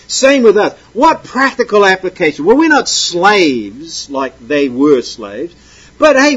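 A man's voice: high voice, husky, rough recording. A man preaching a conversational sermon from a Bible passage, often checking in with rhetorical questions.

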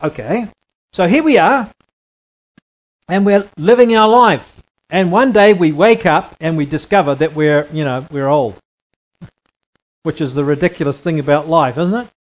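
Slow, deliberate male Bible teacher. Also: on the high side, dull audio. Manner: deliberate, repeats key phrases, checks in with "right?". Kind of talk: Bible teaching talk with slides.

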